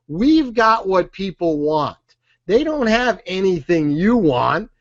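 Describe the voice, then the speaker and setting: A man leading a sales training session, energetic and joking, driving his points home with "okay?" and "right?". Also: high voice, muffled recording. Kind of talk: live sales training talk.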